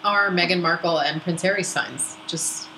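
A woman co-hosts a podcast in an eager, playful, chatty way. Her voice sits a little low for a woman but sounds bright and forceful. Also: moderate pace, echoey room, a little hiss or hum, low-quality recording. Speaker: podcast co-host. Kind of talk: casual chat about astrology.

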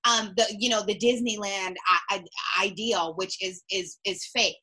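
A young woman in casual reality-TV chat, blunt and animated, swearing freely and mimicking people. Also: medium pitch, normal speed, husky.

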